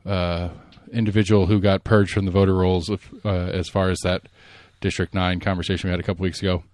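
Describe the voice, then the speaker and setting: A man hosts a casual podcast chat. He rambles and restarts, animated, with plenty of fillers. The sound is dry and close. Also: sits low, fairly quick, dry recording. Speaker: podcast host.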